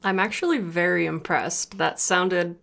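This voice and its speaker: A woman's voice: on the low side, a little slow, creaky, a bit bright. A woman co-host in a casual chat, dry and teasing.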